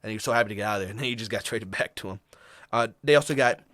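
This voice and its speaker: A man co-hosting a podcast, walking through the trades in a casual chat with fillers and quick asides. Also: lowish voice, fairly bright tone, no echo. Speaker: podcast co-host.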